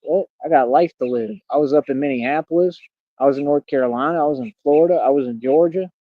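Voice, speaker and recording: A man's voice: fairly high pitch, quick pace, dry recording. A man in his thirties ranting on a livestream in a brash, boastful, confrontational way. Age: 30s. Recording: dull lo-fi dry sound.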